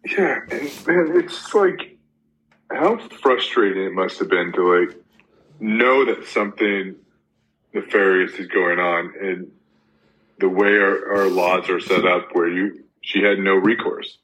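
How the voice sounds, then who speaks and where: A man co-hosting a podcast in casual chat, earnest and halting as he talks. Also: deep voice, fairly even intonation, a bit bright, lo-fi sound, slight background noise. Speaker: podcast co-host.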